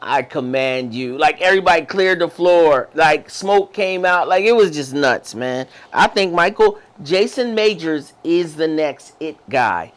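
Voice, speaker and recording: A man with a high voice, chatting casually as a podcast co-host. He tells his stories with excitement, piling up details. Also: measured pace, few pauses. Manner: excited, storytelling. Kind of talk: casual chat.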